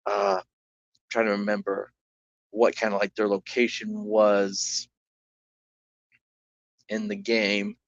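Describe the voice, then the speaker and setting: A man's voice: on the low side, completely flat delivery, takes it slowly, long pauses. A man running a solo tabletop game, narrating casually with rambling, self-correcting speech. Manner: rambling, full of "like" and restarts. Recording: dull lo-fi recording.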